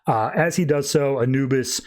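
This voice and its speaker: A man's voice: mid-range voice, normal speed, a little mellow. A man hosting a podcast, recapping a comic in an offhand, wry way with casual swearing. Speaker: podcast host.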